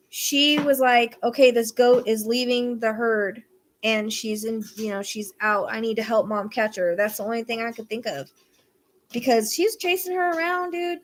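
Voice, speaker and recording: A woman's voice: fairly high pitch, slight background noise. A woman host telling a rambling, exasperated story in casual chat, swearing now and then. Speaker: psychic podcast host. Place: rural property with acreage.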